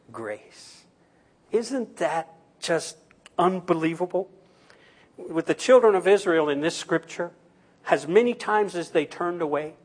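High-voiced preaching man. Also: breathy edge. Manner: preaching, swings from loud emphatic calls to soft intimate tones. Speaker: pastor. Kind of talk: sermon.

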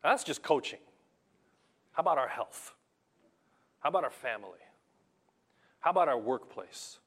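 A young adult man preaching a sermon in a conversational, animated way, telling stories from his coaching and acting out what people say. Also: medium pitch, moderate pace, breathy edge. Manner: conversational, animated storytelling with acted-out quotes. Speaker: pastor and basketball coach.

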